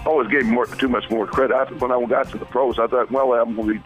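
A man's voice: medium pitch, steady tone, fast talker, fairly bright tone, soft background music. An older man, a retired football coach, telling blunt, folksy stories in a rambling radio interview over the phone. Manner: folksy, blunt, swears casually, rambling restarts. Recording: tinny phone line.

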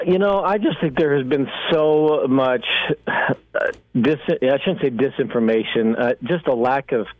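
A man's voice: medium pitch, no echo. A man calling in to a sports radio show as a guest analyst, wry and rambling with many fillers. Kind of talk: sports talk radio call-in. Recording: tinny phone line.

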